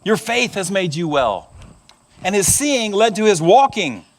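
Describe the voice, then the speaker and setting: A middle-aged male pastor preaches with animated storytelling and slips into character voices. His voice sits rather high for a man. It rises and falls in a very lively way. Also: unhurried. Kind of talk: sermon.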